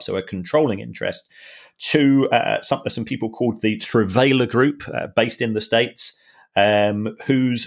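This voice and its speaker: A man co-hosting a podcast, analysing in a wry, halting way with many restarts. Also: medium pitch, vocal fry. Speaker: podcast co-host and finance analyst. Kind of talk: casual podcast chat.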